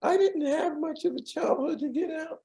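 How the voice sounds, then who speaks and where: A man doing an impression of a famous male singer who speaks in a soft, breathy, tearful way. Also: very high-pitched, normal speed, voice pushed up. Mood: wistful.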